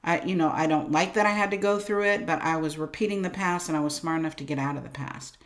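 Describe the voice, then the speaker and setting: A woman guest on a podcast interview, telling her story in an animated way, acting out her own thoughts and swinging between quiet and loud. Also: low voice, fast talker. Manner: animated, acts out voices of herself and God, swings loud and soft. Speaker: guest, business coach.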